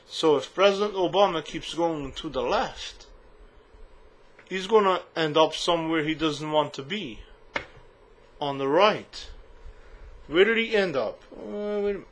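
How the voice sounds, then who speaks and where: A man's voice: on the high side, expressive, unhurried, pauses often, fairly bright tone, slight background noise. A man delivering a comedic political monologue to camera, sarcastic and mocking, with crude asides. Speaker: political vlogger.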